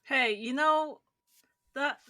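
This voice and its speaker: A woman's voice: sits high, slow, pushed and bright. A woman co-hosting a podcast, chatting wryly and quoting others in a mocking tone. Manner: wry, teasing, quotes others mockingly. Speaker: podcast co-host. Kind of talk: casual chat.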